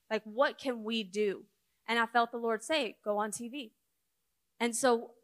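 A woman minister preaching in a loose, chatty way, her voice bright and a little high. She fills her talk with casual fillers and slips into the voices of people she quotes. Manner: chatty, full of "like" and "you know"; acts out quoted prayers and replies. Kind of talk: conversational sermon.

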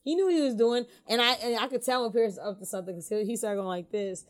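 A woman's voice: a little high, rapid-fire, dry recording. Exasperated young woman, dry sound. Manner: exasperated, laughing retorts. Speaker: podcast co-host. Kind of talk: casual chat.

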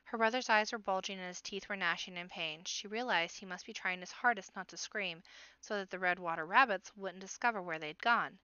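A woman reading a children's novel aloud in an expressive storybook manner. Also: medium pitch, brisk, clean tone, no echo, highs cut off.

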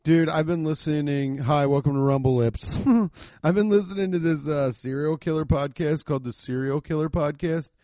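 A man's voice: fairly high pitch, normal speed, mellow, slight background noise. A man who is a stand-up comedian, hosting his own podcast in a rambling, profane, self-deprecating solo monologue. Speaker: podcast host.

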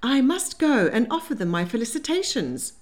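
A woman's voice: a little high, big pitch swings, normal speed, voice pushed up. A woman playing a gushing, airy society matron. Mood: effusive. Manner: airy, effusive, sentimental. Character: gushing romantic aristocratic mother, older woman.

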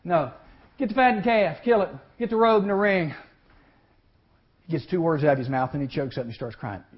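A man preaching to a teen group, telling a Bible story and acting out its voices with lively energy. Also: on the high side. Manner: animated, acts out voices in the story. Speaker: youth speaker. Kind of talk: storytelling sermon. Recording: lo-fi recording.

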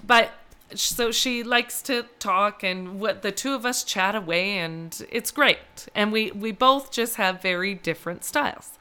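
A woman's voice: mid-range voice, measured pace, pushed and bright, clear, resonant tone. A middle-aged woman co-hosting a casual chat, telling stories at length and laughing often. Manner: chatty storyteller, laughs often. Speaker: podcast co-host.

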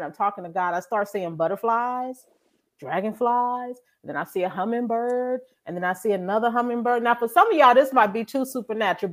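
A woman co-hosting a podcast, telling a faith testimony in a casual, animated way and acting out her own prayers as she goes. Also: medium pitch. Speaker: podcast co-host.

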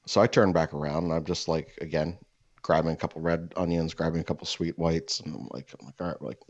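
A man with a rumbling low, fairly even voice talks quickly with no room sound, on a dull, lo-fi, dry recording. A storyteller, he rambles through a long casual anecdote packed with "like" fillers, slipping into voices when quoting people.

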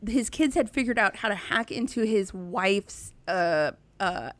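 A woman hosting a casual chat, telling stories in a quick, animated way. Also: mid-range voice, dry recording. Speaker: podcast host.

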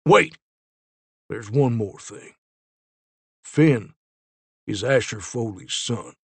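A man's voice: on the low side, slow pace, a little mellow, breathy edge, no room sound, heavily acted. A man voicing Zeke, an earnest male Time Ranger explaining and defending a case, in a storybook reading. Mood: urgent. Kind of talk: storybook character voice.

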